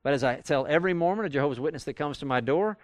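A man's voice: on the high side, expressive, rapid-fire, no echo, studio quality. A man teaching a Bible study class in a conversational way, acting out quoted arguments as he goes. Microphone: recorded for audio with a live class.

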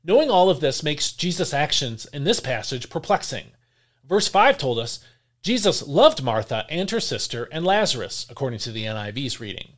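A man reading scripture aloud and then giving a devotional reflection, with a measured, earnest delivery. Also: on the high side. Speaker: devotional host.

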